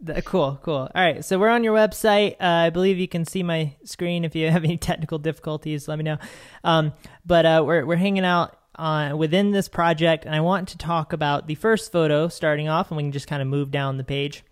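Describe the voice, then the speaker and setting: Upbeat male podcast host, higher voice. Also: steady tone, brisk, clear, resonant tone. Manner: enthusiastic, chatty with fillers. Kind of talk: casual interview chat.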